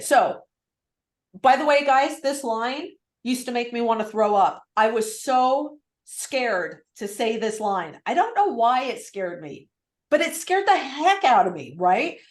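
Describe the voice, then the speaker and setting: A woman sales coach teaching on a live video call, lively and acting out phone script lines. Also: fairly high pitch, reverberant. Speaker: real estate sales coach.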